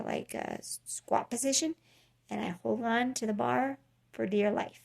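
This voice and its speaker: A woman speaks straight to her camera in a casual personal vlog, her voice carrying a gravelly, fried edge. She talks at a middling pitch, halting often with ums and restarts as she searches for words. The delivery is earnest and worn, like someone tired and unwell sharing her own experience. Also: darkish tone. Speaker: vlogger.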